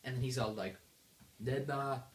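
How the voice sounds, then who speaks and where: A woman's voice: extremely low pitch, expressive, a little slow, a bit bright, roomy sound. A woman giving a bubbly, jokey recap of a video game as a reviewer. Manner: bubbly, gushing, jokey retelling.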